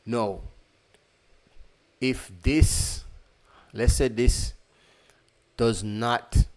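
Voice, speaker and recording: A man's voice: medium pitch, fairly even intonation, extremely slow, darkish tone. A man teaching trading in a casual, conversational way, repeating key phrases and correcting himself as he goes. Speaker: trading instructor. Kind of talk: casual screen-share lesson.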